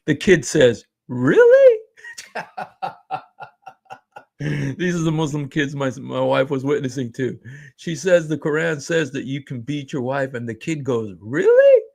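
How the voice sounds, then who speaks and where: A middle-aged man excitedly retelling a street encounter in casual talk, laughing and restarting his sentences. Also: medium pitch, moderate pace, creaky. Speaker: street preacher recounting an outreach encounter. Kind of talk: casual talk over a played clip.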